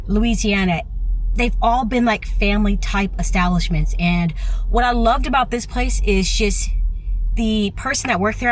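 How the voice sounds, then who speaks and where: A travel vlogger records a casual, gushing, enthusiastic chat on a handheld phone while sitting in a car parked in a parking lot. Her voice is mid-range, and there's a little hiss or hum on the recording.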